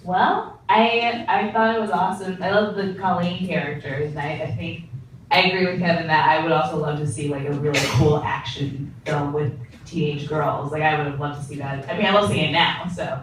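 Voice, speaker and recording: Woman, young adult, panel guest, low voice, eager, giggly, distant mic. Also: steady tone, normal speed. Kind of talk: casual answer on a panel. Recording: echoey hall from far off, noisy.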